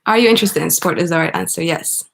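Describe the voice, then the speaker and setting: A woman teaching an online English grammar lesson, explaining step by step and pausing for student answers. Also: on the low side, vocal fry.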